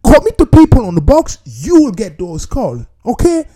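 Man, football commentator vlog, mellow voice, very lively pitch, keeps addressing viewers as "people.". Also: moderate pace. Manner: animated, repetitive, talks straight to viewers as "people". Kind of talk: casual football opinion monologue.

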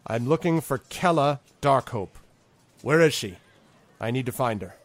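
A man's voice: medium pitch, expressive, moderate pace, voice pushed up, close to an everyday voice. A man doing a guarded mysterious elf.

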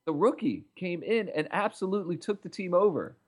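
A man's voice: high-pitched, fairly quick. A man co-hosting a podcast, chatting casually about football with joking, sarcastic banter. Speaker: podcast co-host. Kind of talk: casual sports chat.

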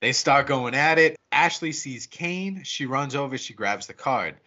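A man casually retelling a film's plot on a podcast, swearing freely and slipping into quick voices for the characters. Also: mid-range voice, expressive, pushed and bright, muffled recording. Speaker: podcast co-host. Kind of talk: casual movie recap.

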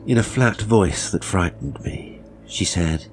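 A man narrating a horror story in a measured, grave way, sometimes dropping to a whisper. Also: low-pitched, expressive, music in the background. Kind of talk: dramatic horror story reading.

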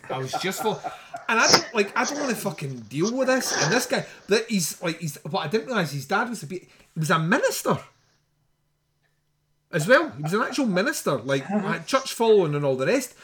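A man's voice: high voice, fairly quick, a little hiss or hum. Man telling a story, sweary. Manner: swears often, animated and laughing while telling a story. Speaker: podcast host. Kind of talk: casual storytelling.

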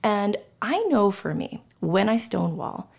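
Husky and gravelly, this middle-aged woman's mid-range voice moves at a measured pace as she hosts a personal podcast. She's animated and emotional, cursing without restraint and playing out scenes in whispers and character voices.

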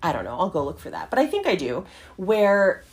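A woman's voice: fairly low pitch, wildly swooping pitch, brisk, slightly rough. A woman hosting a solo podcast in a conversational way, often checking in with the listener and swearing casually. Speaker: podcast host.

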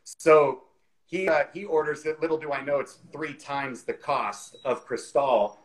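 A man's voice: on the high side, unhurried, rough recording. A man in his forties, the guest, telling a career story in a chatty way over a video call, with lots of "you know" fillers.

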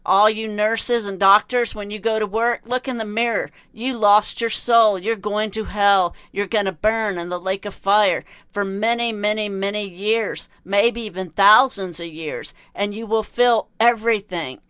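A woman's voice: medium pitch, fairly even intonation, unhurried, hardly any pauses, fairly bright tone, clean tone, no room sound. A woman delivering an impassioned monologue in a preachy, condemning, repetitive way.

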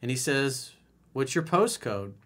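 A man's voice: medium pitch, sing-song, measured pace, fairly bright tone. A man speaking as a dating coach in a solo advice monologue, blunt and emphatic, reading out listener messages and commenting on them.

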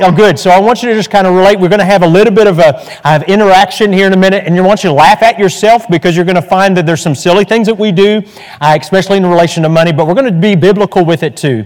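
A male pastor teaching an evening church lesson in a folksy, chatty way, full of fillers and restarts. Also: high voice. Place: church hall. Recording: echoey hall.

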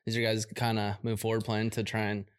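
A man's voice: on the low side, completely flat delivery, brisk, smooth. A man interviewing a guest in a casual chat, speaking in loose, searching phrases with many restarts.

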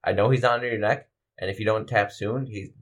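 A man's voice: fairly low pitch, steady tone, fairly quick. A man co-hosting a casual podcast, telling stories in a laid-back way, laughing often and filling with "like". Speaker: podcast co-host, BJJ referee. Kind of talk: casual chat.

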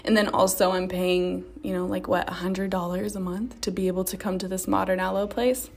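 A woman's voice: on the low side, flat delivery, fairly quick, gravelly, a little mellow. Blunt, cursing woman podcast host. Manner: blunt, profane, pep-talk delivery. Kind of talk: motivational solo podcast monologue.

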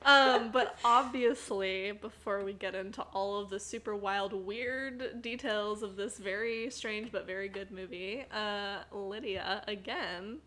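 A woman's voice: medium pitch, measured pace, hardly any pauses, sharp tone. A young woman co-hosting a podcast in casual chat, bubbly and laughing often, with lots of fillers. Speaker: podcast co-host.

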